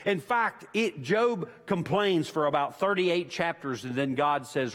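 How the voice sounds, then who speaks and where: A man's voice: on the high side, a little slow, few pauses, fairly bright tone. A man preaching a sermon as pastor, emphatic and repeating his key points for weight. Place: church sanctuary. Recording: long church-hall reverb.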